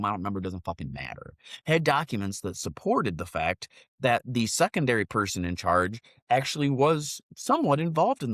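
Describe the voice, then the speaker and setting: A congested man rants hard on a podcast, swearing constantly and slipping into sneering sarcastic voices. His pitch leaps high and drops low as he goes. The sound is close and dry. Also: a bit bright, dry recording. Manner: profane, mocking, rants with sarcastic put-on voices. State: congested sinuses, sniffing. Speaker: podcast co-host. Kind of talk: profane political rant. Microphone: separate remote mic.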